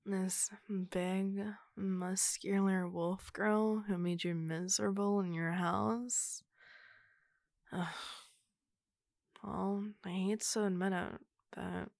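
A woman voicing a muscular wolf-girl monster, flustered yet forward, in an audio role-play, speaking slowly with a gravelly edge and slipping into breathy whispers. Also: medium pitch, dry recording, clean studio sound. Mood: embarrassed.

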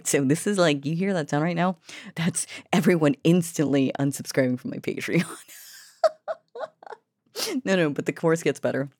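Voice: mid-range voice, normal speed, long pauses, darkish tone, dry recording, clean studio sound. A vlogger talking casually about voice practice, rambling, swearing and laughing at themselves. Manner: rambling, profane, self-mocking, laughs a lot. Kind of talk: casual voice-training vlog.

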